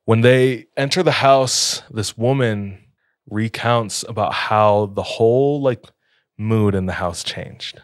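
A young man with a fairly low voice narrates a strange encounter in a loose, conversational way, peppering his sentences with fillers. The sound is dry and close, with no room around it. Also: slow, dry recording. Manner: laid-back, many "like" fillers. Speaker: podcast co-host telling a story. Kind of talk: casual storytelling.

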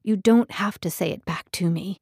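A woman's voice: lowish voice, moderate pace, creaky, dark tone, breathy edge, no room sound, studio quality. A woman voicing an earnest young man who pleads with the woman he loves, in an audiobook. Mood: pleading. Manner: pleading, insistent.

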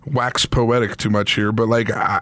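A man's voice: on the low side, little pitch movement, normal speed, a bit bright, no echo. A man who is a sports psychologist, a guest in a radio studio, telling his story in an earnest, reflective way. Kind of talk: radio interview. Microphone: studio microphone.

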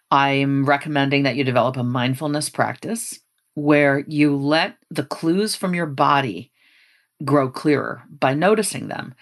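A middle-aged woman with a low voice, a guest giving earnest, measured advice in conversation and slowing down to stress her points. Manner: earnest, measured, slows down for emphasis.

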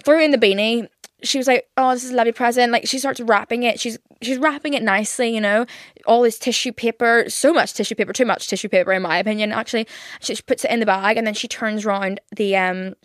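A woman's voice: on the high side, fairly even intonation, fast, dry recording, clean studio sound. A woman, rambling through casual solo podcast chat and swearing freely. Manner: chatty, rambling and swears a lot. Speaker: podcast host.

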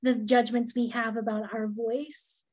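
A woman podcast host with a soft, soothing voice who speaks hesitantly and uses many fillers. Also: a little high, little pitch movement, measured pace. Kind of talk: podcast interview conversation.

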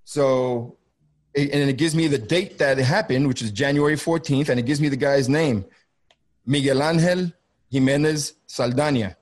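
A middle-aged man, a former federal border agent, telling a gripping first-hand story on a video call in an intense, halting way that keeps circling back and repeating itself. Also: medium pitch, a little mellow.

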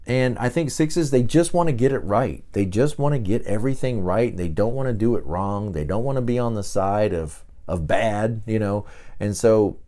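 A man's voice: on the low side, dark tone. A man who is a pastor, giving a casual, conversational teaching talk on his podcast with frequent restarts and asides.

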